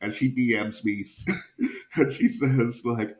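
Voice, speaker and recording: A man's voice: mid-range voice, slow, a little mellow, echoey room. A young man and stand-up comedian, hosting a podcast and telling a profane anecdote in a casual, chuckling way.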